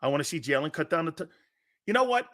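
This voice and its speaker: A man's voice: a little high, sing-song, quick pace, a bit bright. A man hosting a casual live sports talk show who keeps breaking into laughter, jokes around and answers viewer comments by name.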